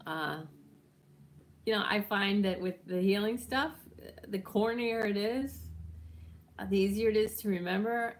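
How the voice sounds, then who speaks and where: A woman leading a guided healing meditation with tapping, speaking gently and soothingly at an unhurried pace, with occasional yawns. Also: mid-range voice, slight background noise.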